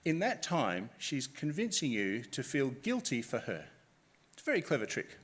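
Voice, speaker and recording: Brief: presenter, mid-pitched, engaging and conversational in front of an audience. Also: male voice, normal speed. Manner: lively, chatty, asks the audience questions. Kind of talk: live public talk. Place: conference room with live audience.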